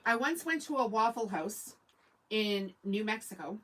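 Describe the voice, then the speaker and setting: A woman's voice: mid-range voice, lively intonation, unhurried, a bit bright, slight background noise, low-quality recording. A woman from Canada, hosting a casual sewing livestream, chatting in a rambling way and answering viewers' comments. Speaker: sewing channel host.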